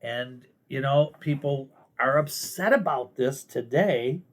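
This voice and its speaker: A man's voice: mid-range voice, slow pace. Host, male, American. Blunt, opinionated monologue, casual and sarcastic, mid-range voice. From United States. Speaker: political commentary host.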